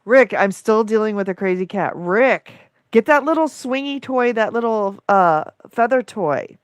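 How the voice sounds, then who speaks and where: Tired lady running a live chat, all emotional and excited, dry close sound. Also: medium pitch, unhurried, smooth, no room sound. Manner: excitable, emotional, thanks viewers by name in a rush. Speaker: livestream host and coach. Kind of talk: live-stream chat reading viewer comments.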